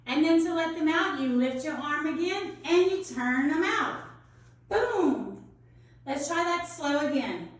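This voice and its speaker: A high-voiced woman leads a children's dance class, calling out steps and counts with eager encouragement. She talks slowly and carefully, and her voice rings through a very echoey room, heard from some distance away. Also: lively intonation. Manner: bright, encouraging, counts steps aloud, calls out moves. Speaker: dance teaching artist. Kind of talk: teaching children a dance lesson.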